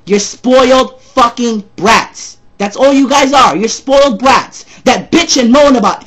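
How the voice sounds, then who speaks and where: A man ranting loudly and profanely about sports, repeating himself, his voice a little sore from yelling. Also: very high voice, a little slow, hardly any pauses. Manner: loud, profane, repetitive ranting. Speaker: sports ranter. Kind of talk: angry sports rant vlog.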